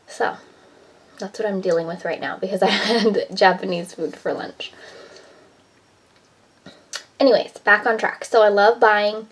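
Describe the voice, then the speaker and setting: A woman's voice: mid-range voice, rough recording. A woman vlogger chatting casually in her home kitchen, rambling with lots of "like" and "um". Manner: chatty, rambling, heavy use of "like" and "um". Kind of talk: casual vlog chat.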